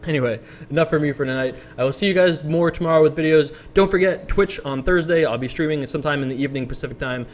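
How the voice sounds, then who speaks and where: A man's voice: a little high, quick pace, few pauses. Rambling, self-amused young man storyteller. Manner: rambling, self-amused, frequent restarts and laughs. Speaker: poker video creator. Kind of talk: casual storytelling vlog commentary.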